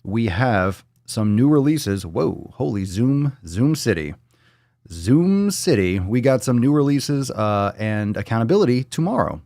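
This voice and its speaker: A man's lowish, darkish voice carries a blunt, profane, fired-up rant as he hosts a live fitness Q&A from home on a video call. There's no echo in the recording.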